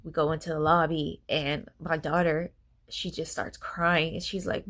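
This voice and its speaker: A woman's voice: low voice, fairly even intonation, normal speed, vocal fry, a bit bright. Candid, cursing woman telling her story. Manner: candid, swears freely, many fillers. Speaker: vlogger. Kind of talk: casual personal storytelling.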